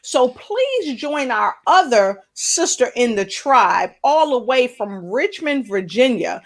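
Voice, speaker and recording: A woman hosting an online talk show, giving lively, playful introductions with little rhymes. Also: on the high side, slow.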